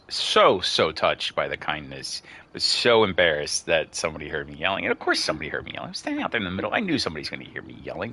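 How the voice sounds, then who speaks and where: Low, bright-voiced man telling a rambling story. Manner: rambling, excitable storyteller who gets worked up. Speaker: gaming streamer. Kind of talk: casual gameplay commentary with storytelling.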